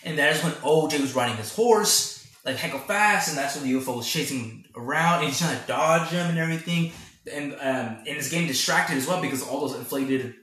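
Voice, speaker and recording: A podcast host reviewing a film speaks fairly quickly in a slightly bright, somewhat high voice, retelling the plot animatedly. His casual chat is full of laughs and fillers, captured in a very echoey space.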